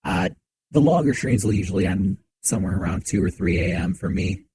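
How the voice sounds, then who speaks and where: A man streaming a game from a home setup, chatting with viewers in a relaxed, joking way into a desk mic. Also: sits low, brisk, vocal fry, low-quality recording. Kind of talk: casual game commentary. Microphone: desk mic on shock mount.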